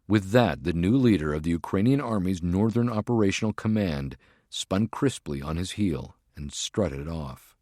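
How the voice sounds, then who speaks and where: A man with a low voice reads a thriller audiobook in a measured, deliberate way. The recording is dry and close, with no room sound. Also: lively intonation, darkish tone, no room sound. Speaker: audiobook narrator. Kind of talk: scripted narration.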